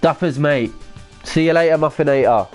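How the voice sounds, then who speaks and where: A man's voice: a little high, normal speed. Casual guy, young adult, gaming streamer, sweary banter, faint music bed. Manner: laid-back, sweary, reads chat aloud. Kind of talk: casual live-stream commentary.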